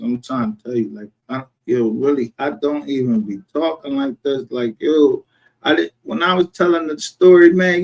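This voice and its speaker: A man streaming a casual, profane rant, heated and defensive. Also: fairly high pitch.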